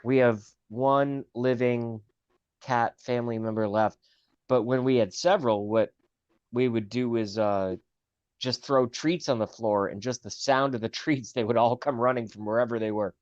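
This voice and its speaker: A man's voice: mid-range voice, moderate pace, dry recording. A man from the US chatting as a guest on a livestream call, joking and wandering off in asides. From United States. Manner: wry, joking, talks in meandering asides. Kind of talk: casual call-in chat. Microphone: video call. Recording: dry, dull lo-fi call audio.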